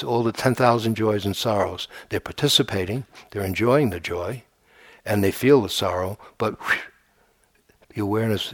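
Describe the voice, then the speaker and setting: A man's voice: fairly low pitch, no room sound, clean studio sound. A man giving a dharma talk as a meditation teacher, in a conversational, humorous way with frequent restarts. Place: meditation retreat center.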